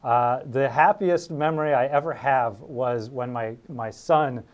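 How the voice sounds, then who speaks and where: Male host, mid-pitched, relaxed and chatty with frequent laughs. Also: unhurried. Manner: easygoing, laughs often, talkative. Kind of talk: casual chat.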